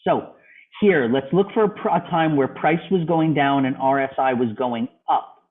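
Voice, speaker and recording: Over phone-quality video call audio, a man speaking at medium pitch and normal speed walks his trading club through charts while posing questions to a student.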